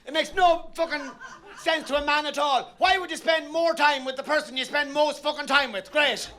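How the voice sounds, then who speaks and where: A middle-aged Irish comedian on a theatre stage, working a bawdy stand-up routine. His voice sits strikingly high for a man, and his stories run rowdy, with the punchlines bellowed out. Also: steady tone, normal speed, sharp tone. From Ireland.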